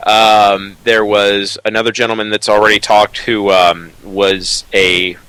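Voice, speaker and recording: A man's voice: lowish voice, flat delivery, measured pace, sharp tone, clear, resonant tone, no room sound, poor audio. Jittery, stammering man on a podcast. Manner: rambling, stammering, restarts often. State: jittery from energy drinks. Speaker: podcast co-host. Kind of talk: casual roundtable chat.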